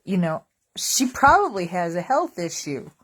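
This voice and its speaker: A woman's voice: lowish voice, big pitch swings, a little slow, slightly rough. A woman vlogger telling funny stories in a casual, wry, rambling way, joking about everyday mishaps. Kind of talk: casual comedic storytelling.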